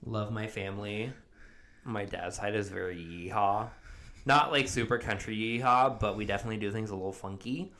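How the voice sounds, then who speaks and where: A man's voice: lowish voice, moderate pace, sharp tone. A young man co-hosting a podcast in casual chat, laid-back and laughing along, swearing casually. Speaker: podcast co-host.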